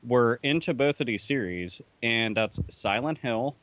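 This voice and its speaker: A man's voice: medium pitch, animated, unhurried, fairly bright tone, no room sound. A man chatting casually on a podcast, rambling and profane, with lots of fillers and restarts. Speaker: podcast panelist. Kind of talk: casual chat.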